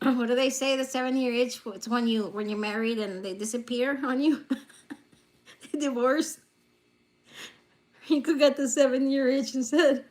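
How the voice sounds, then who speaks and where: Woman livestream host with a high voice, playful and teasing with viewers, laughing often, phone on a table. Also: steady tone, unhurried, pauses often, a little mellow. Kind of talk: casual livestream chat with viewers. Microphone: phone lying on a table.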